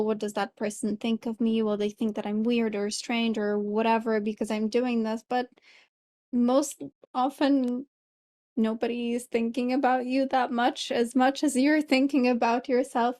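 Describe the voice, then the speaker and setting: A woman hosts a casual interview, speaking at some length with an earnest, reflective manner. Her voice sits a little high. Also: dark tone. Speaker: host, language coach.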